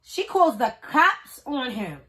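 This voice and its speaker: Woman vlogger, thirties, casual storytelling to a tripod camera, slangy and lively, acts out each character. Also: sits high, slow pace. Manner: animated, slangy, acts out the people in her story.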